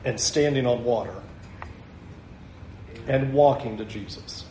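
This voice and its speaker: Slow-talking preacher man in an echoey hall. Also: medium pitch, a little hiss or hum. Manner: animated, acts out scenes with laughs. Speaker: pastor. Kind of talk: sermon.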